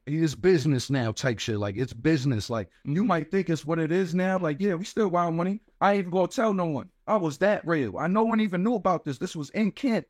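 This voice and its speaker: A young man from New York, a rapper guest telling stories in a casual interview, animated and slangy, acting out the voices of people he quotes. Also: on the high side, no room sound, studio quality. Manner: animated, slangy, acts out quoted voices, repeats "you get what I'm saying". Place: small podcast studio. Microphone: studio microphone.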